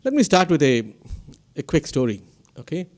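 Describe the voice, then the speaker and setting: A man with an Indian English accent, the director of an institute, addresses a convocation formally and asks the audience questions. His fairly high voice swoops wildly in pitch at normal speed, with a slightly mellow quality. It's recorded via a podium mic in a ceremony hall.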